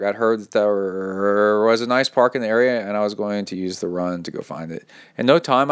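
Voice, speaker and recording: A man's voice: on the low side, smooth. A man hosting a podcast, reading a listener's email aloud and breaking in with laid-back, jokey asides, calling people "dude.". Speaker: podcast host.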